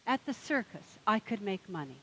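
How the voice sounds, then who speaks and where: A woman's voice: medium pitch, very animated, moderate pace, rough recording. A woman voicing a dusty, curious talking male duck in a told joke, asking question after question in a raised voice.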